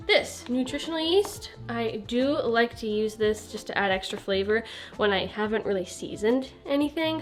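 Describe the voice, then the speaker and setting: A young woman giving a chatty, laid-back cooking voiceover for her vlog, often saying "like". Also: a little high. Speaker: cooking vlogger. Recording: faint music behind.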